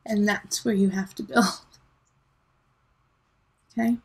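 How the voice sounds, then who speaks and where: Casting note: woman in her thirties, tarot reader, gravelly fry, chatty and heartfelt. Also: medium pitch, little pitch movement, slow, rough recording. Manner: chatty, emotional, talks straight to viewers. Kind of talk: casual monthly tarot reading.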